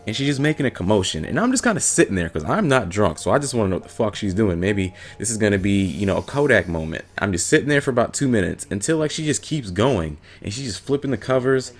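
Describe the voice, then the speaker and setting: A man vlogger telling a funny story from his past in a casual, blunt and profane way. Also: lowish voice. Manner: profane, blunt, animated retelling.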